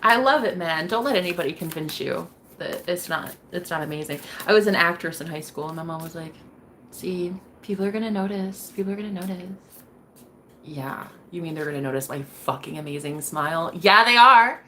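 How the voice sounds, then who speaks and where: A woman's voice: sits low, brisk, hardly any pauses, bright, forceful tone, slight background noise. A young woman hosting a tarot live stream, chatting casually and bubbly with her viewers, swearing freely and laughing often. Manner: bubbly, profane, laughs often, talks to chat.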